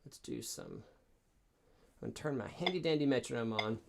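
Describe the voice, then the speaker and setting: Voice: mid-range voice, animated, brisk, vocal fry, background noise. A cello teacher giving an online lesson, coaching step by step and counting in each exercise aloud. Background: cello playing.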